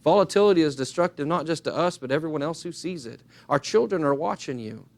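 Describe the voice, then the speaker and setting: A man preaching a sermon, earnest and emphatic, swinging his pitch widely and acting out little dialogues as he goes. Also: animated, fast, vocal fry, a little mellow.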